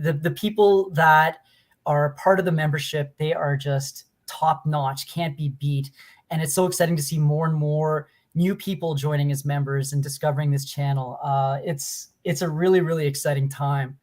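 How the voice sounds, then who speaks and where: A man chatting as a panel guest, effusive and enthusiastic in his praise. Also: fairly high pitch. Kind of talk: casual chat.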